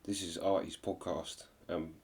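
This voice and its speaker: A man introducing a reaction video in a relaxed, rambling way with many fillers. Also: low-pitched, measured pace. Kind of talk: casual reaction commentary.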